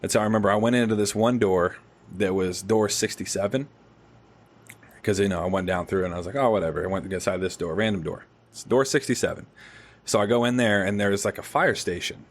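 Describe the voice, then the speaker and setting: A young adult man hosts a podcast, telling a story animatedly in casual chat and swearing freely. His voice is on the low side, and he speaks briskly.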